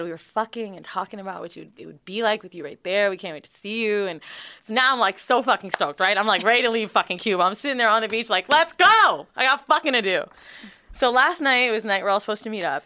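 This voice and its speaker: Bright-voiced young woman telling a wild story. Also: mid-range voice, fast talker. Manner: animated, profane, rambling storyteller. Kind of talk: casual storytelling chat.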